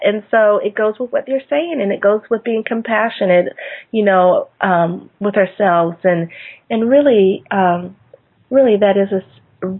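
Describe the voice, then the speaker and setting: A woman hosts a relaxed wellness chat in a breathy, slightly husky voice, gently coaching listeners and speaking straight to them. Her voice comes through a narrow, phone-like line. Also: mid-range voice. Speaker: podcast host.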